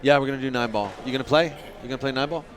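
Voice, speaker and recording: A man's voice: mid-range voice, very fast. A man giving casual live play-by-play commentary on a pool match, chatting and joking with his viewers.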